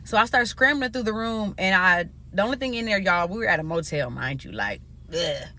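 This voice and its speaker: A woman's voice: mid-range voice, lively intonation, a little fast, bright, forceful tone, a little hiss or hum. A woman from Nebraska telling a story in a loose, profane, casual style and talking straight to her viewers. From Omaha, Nebraska.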